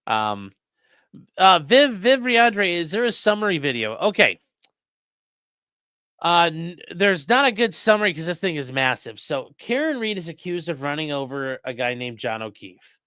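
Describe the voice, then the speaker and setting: A man hosts a livestream, reacting to clips with animated, sarcastic commentary and reading chat aloud. His voice is bright and clear, lively and fairly high. The sound is dry, from a close mic. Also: moderate pace, no echo. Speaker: host.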